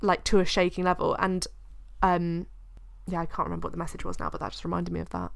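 Podcast co-host: British woman, lowish voice, close dry mic, rambling and candid. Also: level tone, fast talker, gravelly, no echo. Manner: chatty, rambling, swears freely. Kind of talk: casual chat.

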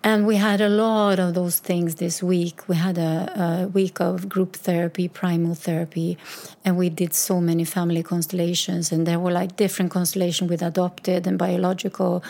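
A woman's voice: on the low side, level tone, normal speed, a little mellow. A middle-aged woman telling a candid personal story in a rambling way, with restarts and quoted dialogue. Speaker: mother sharing personal story.

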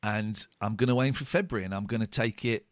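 A man's voice: on the low side, fast, no room sound, clean studio sound. A man co-hosting a podcast, talking in a casual, emotional and upset way. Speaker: podcast co-host. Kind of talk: casual chat.

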